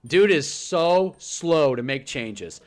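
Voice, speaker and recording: A young man hosting a casual football livestream, animated and rambling, joking as he reacts to chat. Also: a little high. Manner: animated, rambling, quick to joke.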